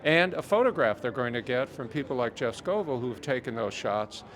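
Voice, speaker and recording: A man's voice: mid-range voice, expressive, brisk, a bit bright. An older man, a longtime collector, answering interview questions in a reflective way. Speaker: mineral collector guest. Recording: busy crowd noise behind. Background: crowd chatter.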